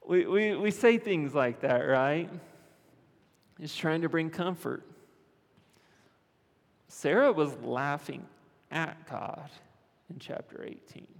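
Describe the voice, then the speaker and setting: A man preaches a sermon in a slow, unhurried delivery, his voice gravelly with fry. He is earnest, often repeats phrases and checks in with the congregation. A long reverb from a large hall trails his words. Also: medium pitch. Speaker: pastor.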